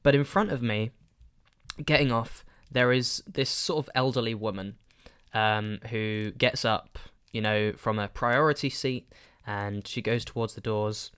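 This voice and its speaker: Guy chatting on a podcast, um-ing a lot, mid pitch, animated. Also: clear, resonant tone. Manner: rambling, animated, lots of fillers. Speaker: podcast host. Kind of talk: casual storytelling.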